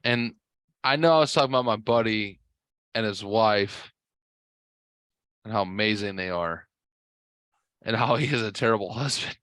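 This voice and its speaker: A man hosting a podcast who tells stories in a rambling, foul-mouthed way, a bit tipsy from drinking, his voice jumping high when he gets excited. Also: moderate pace, pauses often, no echo. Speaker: podcast host. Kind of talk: casual storytelling.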